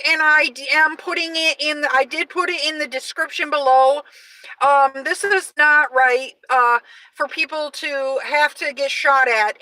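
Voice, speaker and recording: Loud, energetic high-voiced woman streamer. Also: no room sound, recorded from a distance, poor audio. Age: 40s. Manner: loud, energetic, chatty with many fillers. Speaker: live-stream host. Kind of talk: casual live-stream chat.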